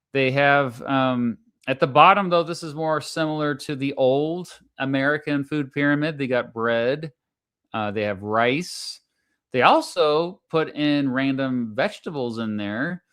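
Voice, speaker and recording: A chatty man hosting a casual live stream. He jokes and talks straight to his viewers in a loose, easygoing way. His voice sits at an everyday middle pitch. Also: fairly bright tone, clean tone. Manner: chatty, jokey, talks to chat. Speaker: livestream host.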